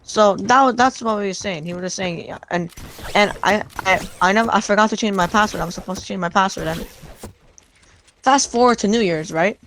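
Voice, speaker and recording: A man's voice: high voice, a little fast, slight background noise. Young man rambling through a story. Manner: rambling, excited retelling with many restarts and "I'm like". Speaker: gamer telling a story. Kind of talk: casual storytelling in game voice chat.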